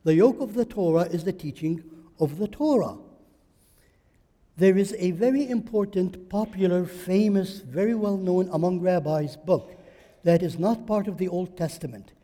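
A man's voice: sits high, normal speed, mellow, in a large hall. A man preaching a sermon in church, emphatic and repeating phrases for stress. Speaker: pastor.

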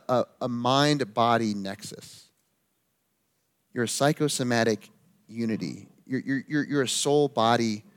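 A man preaching a sermon in an earnest, emphatic way, slowing down to stress key phrases. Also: medium pitch.

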